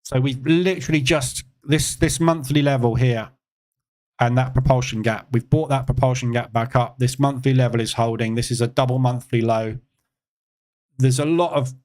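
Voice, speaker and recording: A man's voice: medium pitch, darkish tone. An English man hosting a live trading session, chatting casually as he answers viewers' questions and reads charts aloud. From England. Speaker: trading room host.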